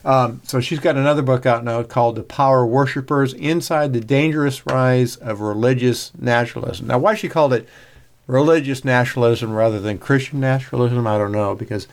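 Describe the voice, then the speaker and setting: A man co-hosting a casual podcast at a middle pitch. He talks in an easygoing way and laughs often. He stumbles and restarts mid-sentence as he thinks aloud. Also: a little fast. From Minnesota. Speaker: podcast co-host. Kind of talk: casual chat.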